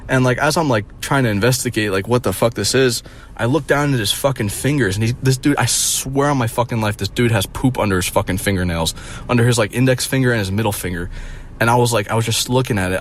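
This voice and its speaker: A man's voice: medium pitch, moderate pace. A young man in his twenties telling stories in a profane, rambling, mocking comedic rant.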